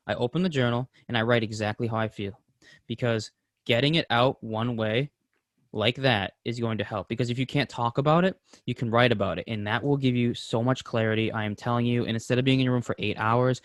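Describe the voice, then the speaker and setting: A man's voice: medium pitch, dry recording. Candid rambling man, dry close mic. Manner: candid, rambling, swears freely. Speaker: podcast co-host. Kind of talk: casual podcast chat.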